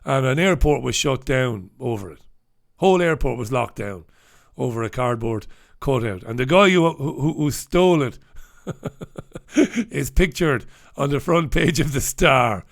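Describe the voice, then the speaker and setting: A man's voice: mid-range voice, animated, unhurried, vocal fry. A middle-aged man from the UK hosting a casual livestream, reading the papers and greeting viewers in an irreverent, swearing manner. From United Kingdom. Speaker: host.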